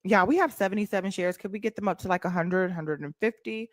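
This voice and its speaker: A woman's voice: mid-range voice, fast, no room sound, studio quality. A young woman with an African American Vernacular English accent, hosting a casual livestream and talking back to her chat in a sassy way. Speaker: livestream host.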